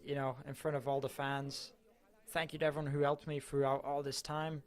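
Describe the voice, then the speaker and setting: A man's voice: medium pitch, level tone, a little fast. A man from Mallorca, a footballer, giving an earnest, emotional post-match interview with his voice cracking. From Mallorca, Spain.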